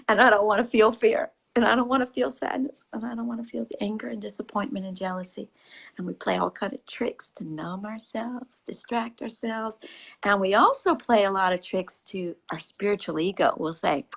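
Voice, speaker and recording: A woman giving a reflective spiritual talk. She speaks softly and intimately, often sinking to a whisper, and laughs easily. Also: mid-range voice, normal speed, creaky, low-quality recording. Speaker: spiritual teacher.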